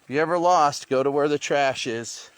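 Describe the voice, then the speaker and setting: A man's voice: fairly high pitch, moderate pace, clear, resonant tone, no room sound. A man vlogging as he hikes through the jungle outdoors, thinking aloud as he goes. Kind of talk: talking to camera while hiking. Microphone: handheld phone.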